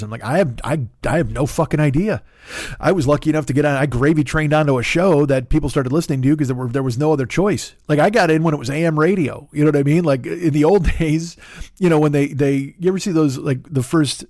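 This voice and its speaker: A man in his forties rants through a solo comedy podcast with a fairly high voice, swearing freely and losing his own thread. The sound is dry and close to the mic, with no room around it. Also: darkish tone, no room sound. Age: 40s. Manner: profane, rambling, self-interrupting.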